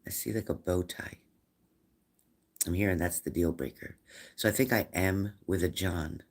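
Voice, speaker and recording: A low-pitched man with a gravelly, fry-edged voice runs a live-stream spirit reading as a medium. He presses viewers with short questions and repeats them until someone answers. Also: moderate pace. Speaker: psychic medium.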